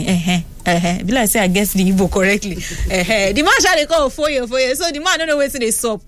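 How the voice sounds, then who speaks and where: A young Nigerian woman hosting a radio talk show, chatting and telling stories in an animated way on a studio mic. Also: a little high, brisk, soft background music. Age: young adult. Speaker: radio host. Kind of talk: casual radio talk and storytelling. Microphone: studio microphone.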